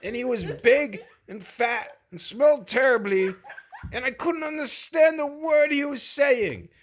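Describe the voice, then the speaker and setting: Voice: sits high, a little slow. A storyteller improvising a silly tale in a rambling, playful way, often breaking into laughter.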